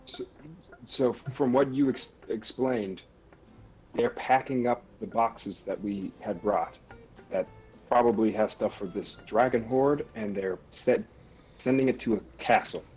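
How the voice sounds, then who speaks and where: A man's voice: on the low side, unhurried, darkish tone, soft background music, low-quality recording. A man playing a tabletop game, working through plans in a practical way. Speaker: player. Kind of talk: casual tabletop play.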